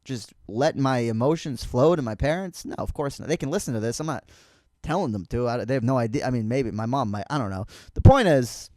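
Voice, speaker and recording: A man hosting a podcast, talking in a rambling, sardonic comedic monologue with lots of restarts, turning softer and halting when he gets personal. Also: no echo, studio quality. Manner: sardonic, rambling, pitch swooping up and down. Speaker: podcast host.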